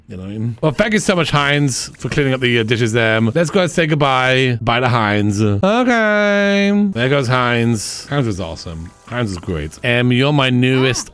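A man hosting a gaming channel, giving upbeat, chatty let's-play commentary and talking to his game characters. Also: mid-range voice.

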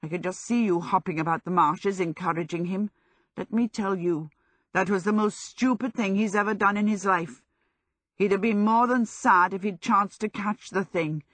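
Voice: medium pitch, a little slow, pushed and bright, no echo, studio quality. A woman voicing a moody young male wizard who teases and scolds, in a storybook reading. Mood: scolding.

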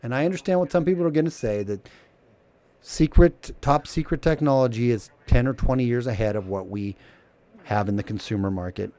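A man's voice: medium pitch, fairly quick, dark tone, dry recording. A man reading a prepared commentary aloud in a sardonic, emphatic way. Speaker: channel host.

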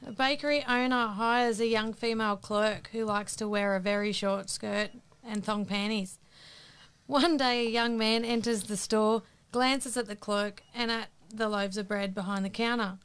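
A woman co-hosting a podcast, reading out jokes in a brisk, matter-of-fact way. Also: medium pitch, fairly even intonation, a bit bright, smooth. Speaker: co-host telling jokes.

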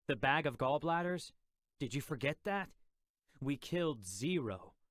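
A man's voice: a little high, expressive, a little slow, a bit bright, no echo, clean studio sound. A man voicing a furious, commanding young male troll hunter in an audiobook, snarling and scolding. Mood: stern. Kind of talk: audiobook character voice.

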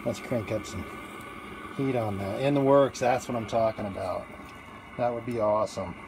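A man livestreams from an outdoor barbecue grill, holding his phone in one hand while taking on a food challenge. He chats and rambles casually, full of fillers and restarts, in a lowish, gravelly voice at normal speed over a noisy background.

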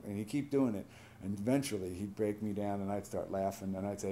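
Soft-spoken older man, halting and reflective. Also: on the low side, fairly even intonation, a little hiss or hum. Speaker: veteran. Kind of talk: personal testimony.

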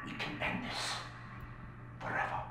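An actor voicing a haunted, guilt-ridden male scientist in a video game, urgent and pleading, swinging between hushed and loud. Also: a little slow, lightly acted. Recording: roomy game audio.

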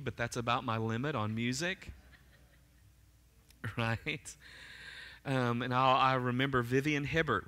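A man preaching a fervent sermon in a church sanctuary. His voice is bright and forceful, pitched in a normal middle range. He keeps turning to the congregation with quick "right?" and "amen?" check-ins. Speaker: pastor.

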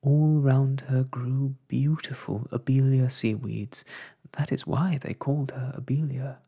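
A storyteller reading a children's story aloud in a whispered role-play, soft and hushed. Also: medium pitch, steady tone, unhurried, gravelly, slightly rough.

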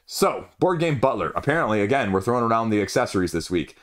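A man's voice: on the low side, sing-song, fast, a bit bright. A young man casually reviewing board game crowdfunding campaigns, rambling with wry asides. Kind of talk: casual video commentary.

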